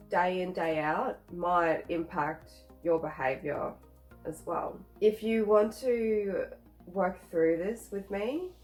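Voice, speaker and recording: A woman speaking in a slow, measured way, her voice a little low for a woman. She is a psychologist giving a talk with the odd dry joke, and soft music plays quietly behind her. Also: poor audio. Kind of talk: scripted talk to camera.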